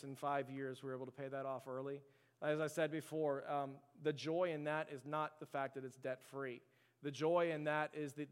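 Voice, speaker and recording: A man preaches to his congregation, his smooth, resonant voice rising slightly high for a man. He drives his points home with repeated rhetorical questions, and a long reverb hangs behind him in the church hall. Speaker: pastor. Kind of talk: sermon. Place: church sanctuary.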